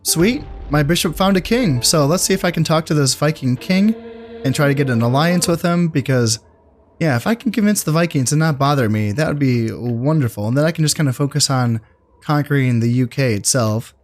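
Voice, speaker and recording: A man casually commentating his strategy game, thinking aloud in a relaxed, musing way with fillers. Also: mid-range voice. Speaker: gameplay commentator. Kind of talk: casual let's-play commentary.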